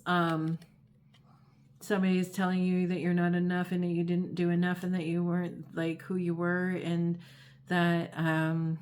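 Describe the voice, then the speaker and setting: A woman hosting an astrology and tarot channel, explaining in a casual, chatty way, full of fillers and acted-out quotes. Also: lowish voice. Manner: chatty, many fillers, acts out quoted voices. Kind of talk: casual explanatory talk to camera.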